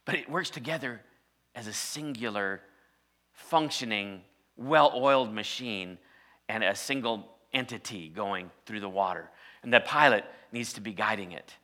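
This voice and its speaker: Male pastor, very bright voice, sermon storytelling with loud emphatic peaks. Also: fairly low pitch, unhurried.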